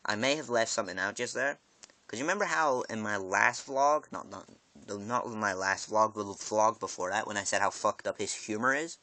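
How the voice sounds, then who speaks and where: A man's voice: on the low side, bright, forceful tone, dry recording. A man vlogging a casual, rambling episode recap, swearing freely and breaking off into asides and restarts. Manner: profane, quick restarts and asides.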